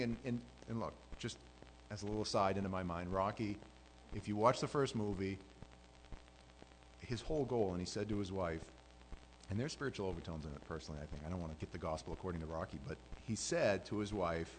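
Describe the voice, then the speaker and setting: A man preaching a sermon as pastor, telling the story with animated swings between loud, fervent passages and hushed asides. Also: on the low side, fast, a little hiss or hum, low-quality recording.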